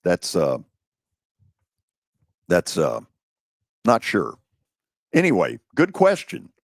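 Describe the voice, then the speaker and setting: A man hosting a sports talk show, chatting casually about football in a relaxed, unhurried way with drawn-out pauses. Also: sits low, vocal fry, dry recording, clean studio sound. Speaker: radio show host.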